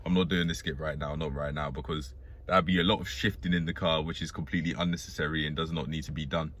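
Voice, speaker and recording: A man with a very low voice thinks out loud, drifting between ideas and swearing casually as he goes. He sounds as though he is talking to himself more than to an audience. He speaks from the seat of a parked car. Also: steady tone, quick pace, slight background noise. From Britain. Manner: musing, profane, talks to himself and jokes. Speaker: vlogger. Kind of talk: rambling self-talk monologue.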